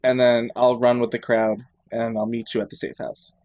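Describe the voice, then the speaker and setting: A man playing a tabletop role-playing game, calmly laying out a backup plan. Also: mid-range voice, moderate pace. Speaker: player. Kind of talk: casual tabletop role-play.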